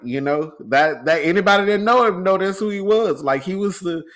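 A man's voice: high voice, expressive, normal speed, fairly bright tone. A man hosting his own podcast in loose, rambling casual talk, calling his listeners y'all and sounding emotional and wavering as he shares personal news. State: emotional, voice wavering while recounting a loss. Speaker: podcast host.

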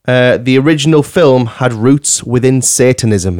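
A man hosts a relaxed podcast chat and quizzes his co-hosts with playful jokes. His voice sits at an ordinary middle pitch, and he laughs easily as he talks. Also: moderate pace. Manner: jokey, laughs often, quizzes the others. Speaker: podcast host running a trivia quiz. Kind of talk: casual chat.

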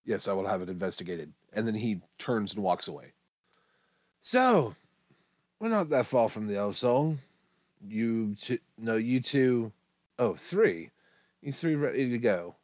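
A man narrating a tabletop game as game master, in a halting way with restarts. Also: mid-range voice, big pitch swings, no echo, dull audio.

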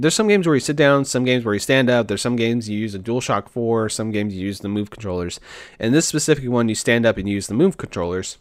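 A man's voice: on the low side, no room sound. A man hosting a podcast in casual chat, talking enthusiastically in a rambling, slangy way.

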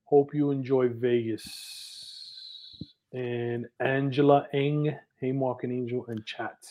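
A man's voice: medium pitch, flat delivery, slow pace, dark tone. Male co-host, upbeat chat-reading delivery, mid-range voice. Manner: upbeat, reads names with a lift. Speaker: podcast co-host. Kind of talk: reading chat messages aloud on a live stream.

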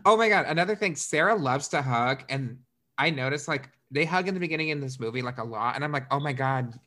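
A woman's voice: a bass voice, lively intonation, fast, pushed and bright. A woman co-hosting a podcast, chatting casually and playfully acting out characters while recapping a film, with profane humor. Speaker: podcast co-host.

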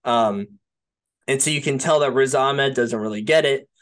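A man's voice: medium pitch, moderate pace. A man co-hosting a podcast, talking casually about a film in a rambling way, filling his speech with "like" and "right?" and swearing now and then. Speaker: podcast co-host.

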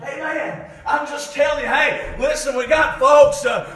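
A man preaching a sermon, shouting with fervor and then dropping to a low, soft voice. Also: fairly even intonation, unhurried, very echoey. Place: church sanctuary.

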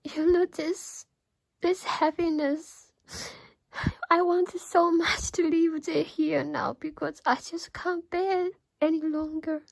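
A woman's voice: extremely high pitch, level tone, takes it slowly, gravelly, no room sound, poor audio. A woman giving an emotional religious testimony and prayer, tearful and pleading, often dropping to a whisper. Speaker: Christian believer giving testimony.

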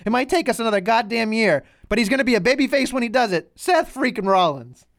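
High-pitched guy ranting on a podcast, cussing a lot, super dry close mic sound. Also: quick pace, vocal fry, no echo. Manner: animated, profane ranting. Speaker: podcast co-host. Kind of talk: casual chat.

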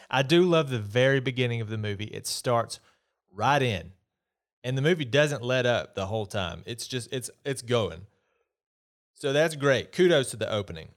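A man hosting a podcast, giving a casual, opinionated solo movie review in a chatty, exasperated way. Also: medium pitch. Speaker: podcast host.

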